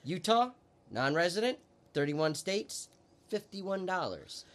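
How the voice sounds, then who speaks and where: A man's voice: sits high, big pitch swings, takes it slowly, fairly bright tone. A man co-hosting a podcast, reading off facts in a plain, matter-of-fact way. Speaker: podcast co-host. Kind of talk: casual chat.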